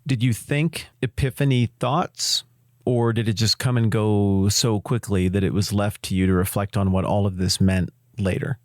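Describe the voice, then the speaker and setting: A man's voice: fairly low pitch, steady tone, normal speed, a little mellow, no room sound, clean studio sound. Curious man prompting a story. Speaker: podcast co-host. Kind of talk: casual conversation.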